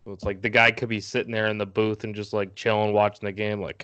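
Dude chatting on a podcast, kinda low and smooth, laughs a lot, sound's a bit dull and lo-fi. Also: male voice, little pitch movement, quick pace, a bit bright, no echo. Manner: laid-back, jokey, laughs often. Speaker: podcast co-host. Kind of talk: casual chat.

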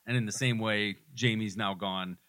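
A man talks through a movie's plot in relaxed podcast chat, recounting each scene in detail. His voice is bright and forward, and the recording is close and dry with no room sound. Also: on the low side, moderate pace, dry recording. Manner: retells scenes in detail, laughs often. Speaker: podcast co-host. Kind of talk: casual movie discussion.

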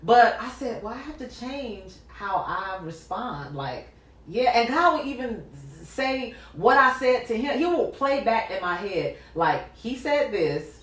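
A woman podcast host with a slightly high voice speaks a little slowly, off mic in an echoey room. On her casual faith talk she tells a personal story with animated flair, acting out dialogue and laughing often.

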